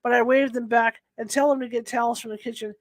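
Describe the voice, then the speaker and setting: A woman's voice: on the high side, steady tone, fast talker, no echo. A woman reading a first-person novel aloud, unpolished, often restarting and correcting herself. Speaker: audiobook reader.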